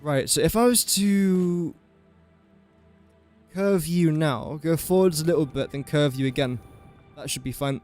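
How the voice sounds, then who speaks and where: A young man with a slightly raised, light pitch talks casually through a gaming livestream. He drifts from topic to topic and pokes fun at himself. Soft music plays faintly underneath. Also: measured pace, long pauses. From England. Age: young adult. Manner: rambling, chatty and self-mocking while building. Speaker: streamer.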